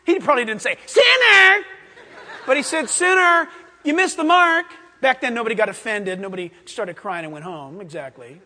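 A man preaching a sermon as pastor, animated, acting out voices and laughing as he teaches. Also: high voice, brisk, some chatter behind. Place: church sanctuary. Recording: long reverb of a large hall.

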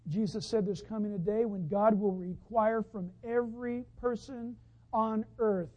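A man preaching a sermon, telling a story as he goes, dropping from hushed to loud excited outbursts. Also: high voice, a little slow, lo-fi sound. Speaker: pastor.

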